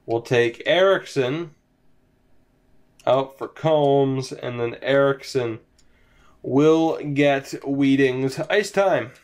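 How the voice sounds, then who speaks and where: Slow, sighing young man commentating a game. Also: medium pitch, darkish tone. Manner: drawling, sighing, yawning, resigned. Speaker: gaming commentator. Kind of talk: casual let's-play commentary.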